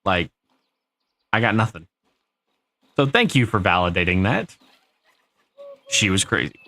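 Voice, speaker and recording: A man's voice: on the low side, wildly swooping pitch, unhurried, bright, forceful tone. An American man chatting casually on a live stream while playing a game, rambling through an anecdote and swearing freely. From United States.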